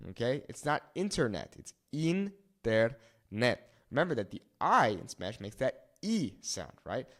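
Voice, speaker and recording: A man teaching a lesson at a whiteboard, repeating words slowly to show how they sound. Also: mid-range voice, sing-song, a bit bright. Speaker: Spanish teacher.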